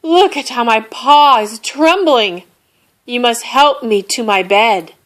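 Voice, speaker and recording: A woman voicing a sick, grumpy, self-pitying male bear who complains in a dramatic, rasping way. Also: mid-range voice, animated, takes it slowly, pushed and bright. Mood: indignant.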